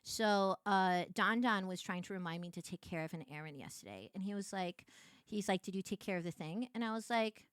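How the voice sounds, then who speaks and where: A young adult woman streamer chatting casually with her viewers, animated and laughing, prone to excited shrieks. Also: medium pitch, brisk, smooth, dry recording, clean studio sound.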